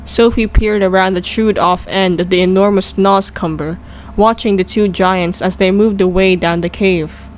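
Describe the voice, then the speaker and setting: A woman reading a children's storybook aloud in a calm, steady way as narrator. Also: medium pitch, moderate pace, a little hiss or hum, poor audio. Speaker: audiobook reader.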